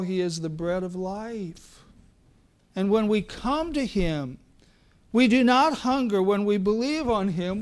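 Guy preaching a sermon, higher voice, goes quiet then booms. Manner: dynamic preaching, swings from hushed to loud.

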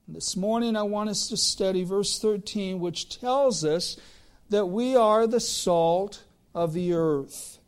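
A male preacher delivering a Sunday sermon in a high voice. He speaks slowly and deliberately, drawing out key phrases and rising to emphatic declarations. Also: clean tone. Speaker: pastor.

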